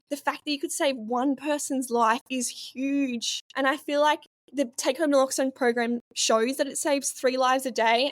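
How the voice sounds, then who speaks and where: Young woman, higher-pitched voice, earnest, dry close sound. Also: no room sound. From Australia. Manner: earnest, open, emotional at times. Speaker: guest, community pharmacist. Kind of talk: personal storytelling in an interview.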